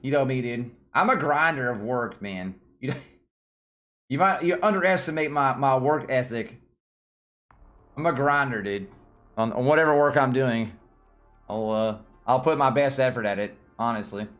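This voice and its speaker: Speaking at a normal speed with a medium pitch, this Tennessee man hosts a livestream in a relaxed, chatty way. His Southern American accent comes through clearly, and he's upbeat and excitable, often breaking into laughter.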